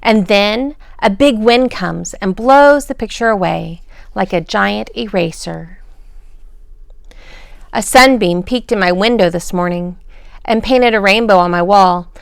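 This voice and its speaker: Gentle woman reading a bedtime story. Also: mid-range voice, measured pace, gravelly, smooth, dry recording, clean studio sound. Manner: gentle, asks listeners questions. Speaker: picture book reader.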